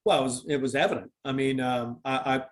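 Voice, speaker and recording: A man's voice: mid-range voice, fairly even intonation, fairly quick. A man from Canada, a former football player, telling a long story in an interview, with many fillers and restarts and acted-out dialogue. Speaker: former football kicker, guest.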